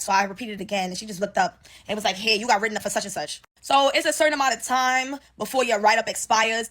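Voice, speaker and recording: A young woman telling a casual storytime rant about her job, profane and slangy, acting out what people said. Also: a little high. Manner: animated, profane, slangy storytelling with acted-out quotes. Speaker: storyteller ranting about work. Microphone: phone selfie video.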